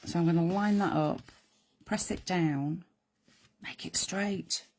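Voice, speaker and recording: Croaky woman demonstrating crafts. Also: on the low side, slow, darkish tone. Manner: chatty, rambling asides to viewers. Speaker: crafting host. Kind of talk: live card-making demonstration.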